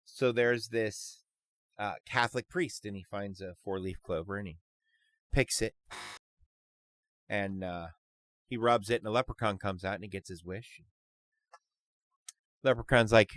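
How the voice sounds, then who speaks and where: A middle-aged man co-hosting a casual podcast chat, talkative and quick to tell a joke. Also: lowish voice, a bit bright, dry recording. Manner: chatty, tells jokes, goes off on tangents. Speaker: podcast co-host.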